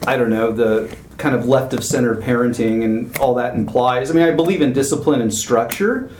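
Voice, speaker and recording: A man's voice: medium pitch, fairly quick, darkish tone, slight background noise. A man in his forties, a podcast co-host, telling candid stories in a casual group conversation. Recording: echoey room.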